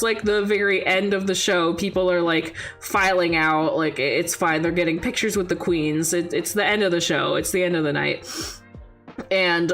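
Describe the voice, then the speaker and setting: A young woman streamer telling a story in casual chat, animated, often laughing and acting out the voices of people she quotes. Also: medium pitch. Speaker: vtuber streamer. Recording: faint music behind the voice.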